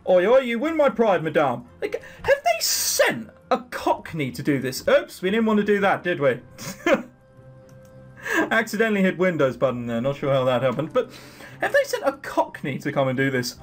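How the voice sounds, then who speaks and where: A man's voice: a little high, huge pitch swings, normal speed, soft background music. Joking man playing a game aloud. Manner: joking, sarcastic asides. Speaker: let's play host. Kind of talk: game commentary.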